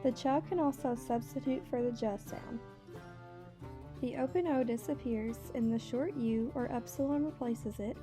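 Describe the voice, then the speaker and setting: A woman narrating a scripted class presentation, reading steadily and slowing down for example words. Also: a little high. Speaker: student presenter.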